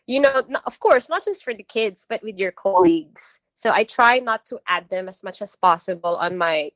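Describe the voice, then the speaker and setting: A woman's voice: mid-range voice, animated, normal speed, a bit bright, no echo. A woman calling in to a podcast, a teacher chatting casually and laughing at herself. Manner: chatty, laughs often, self-deprecating. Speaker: caller, teacher. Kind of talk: casual call-in chat.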